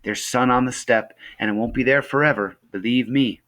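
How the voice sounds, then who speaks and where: A man voicing a gentle, sorrowful elderly woman in a storybook reading. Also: medium pitch, steady tone, voice pushed up, close to an everyday voice. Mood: tender. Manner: soft, slow, tender. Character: old woman Mrs Griffin, gentle and sad.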